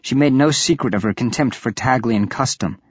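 A man reads a fantasy novel aloud in steady, even storytelling narration. His voice is husky and mid-pitched, recorded dry with a dull, slightly lo-fi sound. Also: moderate pace, no room sound. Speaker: audiobook narrator. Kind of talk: scripted fantasy audiobook narration.

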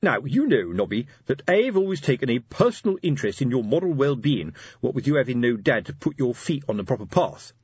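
A man's voice: medium pitch, very animated, fairly quick, hardly any pauses, darkish tone, slightly rough, no room sound, muffled recording. A man voicing a pompous, lecturing middle-aged police sergeant who talks in a fussy, hesitant way.

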